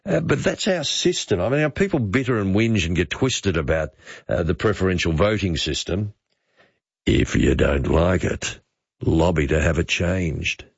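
An older man hosting talkback radio, his voice slightly low and set close to the mic in a dry room. He chats easily and exclaims often, breaking off to read listener messages aloud. The sound is a little dull and lo-fi. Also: animated, moderate pace, vocal fry, breathy edge, dry recording. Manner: chatty, exclaiming, reads listener texts aloud. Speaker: radio host.

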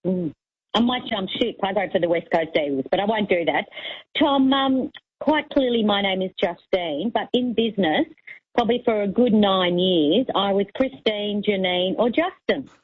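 Aussie lady calling in, husky voice, tinny phone line, chatty and wry. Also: medium pitch, animated, normal speed, no room sound. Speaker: caller. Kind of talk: casual phone-in chat.

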